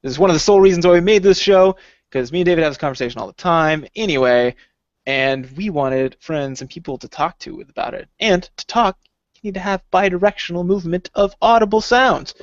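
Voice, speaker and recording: Man, podcast co-host, rambling and animated, dull lo-fi recording. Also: high-pitched, brisk, no room sound. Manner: animated, rambling, laughs a lot. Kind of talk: casual podcast chat. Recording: dull lo-fi sound.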